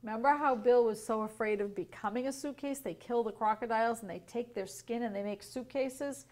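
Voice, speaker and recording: A woman teacher reading a picture book aloud to young children, gently explaining and asking questions. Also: a little high, brisk.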